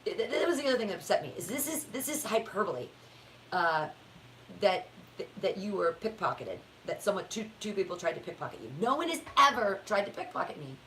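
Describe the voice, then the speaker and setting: Brief: sarcastic, swearing woman host, lively pitch swings, faint hiss behind. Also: a little fast, poor audio. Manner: animated, profane, sarcastic. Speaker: podcast host. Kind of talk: casual conversational rant.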